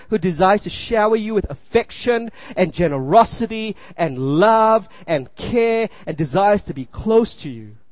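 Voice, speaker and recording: A man's voice: a little high, a little mellow, no echo. Earnest male preacher, dry close sound. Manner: earnest, repeats phrases, asks the room "you see?". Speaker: pastor. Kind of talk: sermon.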